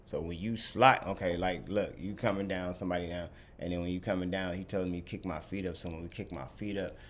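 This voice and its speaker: A man telling a story in casual chat, animated, swearing and loudly acting out what others said. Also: deep voice, quick pace, slight background noise. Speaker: vlogger.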